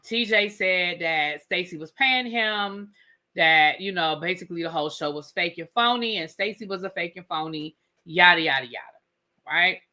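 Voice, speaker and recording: A woman's voice: fairly low pitch, bright, forceful tone. A woman hosting a live rant-and-review of a reality show, talking emphatically, repeating her points and swearing freely.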